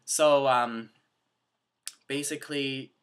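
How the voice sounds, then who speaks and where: A man's voice: medium pitch, fairly even intonation, takes it slowly, fairly bright tone, smooth. A young man from Canada chatting to camera in a rambling, self-mocking vlog. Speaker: vlogger. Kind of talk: casual chat to camera.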